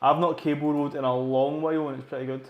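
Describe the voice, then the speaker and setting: A Scottish man livestreams himself training in the gym, chatting casually and rambling, swearing often and repeating himself. His voice sits on the high side with a flat delivery and a quick pace, and the recording sounds roomy with the highs cut off.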